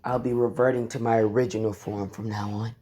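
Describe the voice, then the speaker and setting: A man voicing a battered young hero who answers in a low, quiet, flat voice. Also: a little fast, natural voice. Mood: cold.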